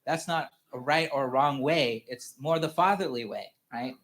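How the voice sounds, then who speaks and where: Halting man sharing a testimony. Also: medium pitch, fairly bright tone. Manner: halting, full of "you know" fillers and restarts; chuckles often while telling stories. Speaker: father giving a testimony at a family church service. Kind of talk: personal sermon testimony.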